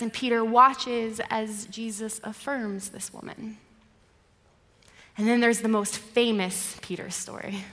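A woman preacher giving a sermon, retelling a story dramatically, moving between vivid passages and hushed ones. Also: fairly high pitch, big-room sound.

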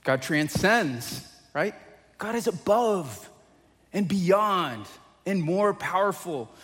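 A pastor preaching a conversational sermon, often asking the congregation questions. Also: male voice, sits high, a bit bright, long reverb tail.

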